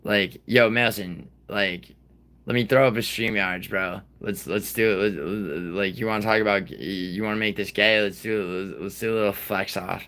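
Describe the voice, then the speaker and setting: A man's voice: fairly low pitch, steady tone, moderate pace, pushed and bright. A man in his thirties hosting a livestream, chatting casually with viewers in a rambling, profane way. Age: 30s. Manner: profane, rambling, talks to chat by name. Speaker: livestream host.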